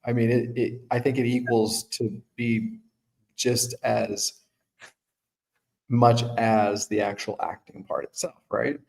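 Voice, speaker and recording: A man's voice: mid-range voice, little pitch movement, takes it slowly, vocal fry, a little mellow, rough recording. A man hosting a podcast in casual conversation, working through his points aloud and checking in with his guest. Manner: thinking aloud with restarts and "right?" checks. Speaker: podcast host and management firm owner.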